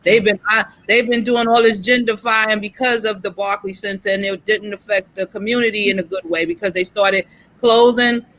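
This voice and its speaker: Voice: mid-range voice, steady tone, normal speed, bright, forceful tone, low-quality recording. A panelist in a casual discussion, talking conversationally and often checking in with "you get what I'm saying?". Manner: conversational, explains with rhetorical checks.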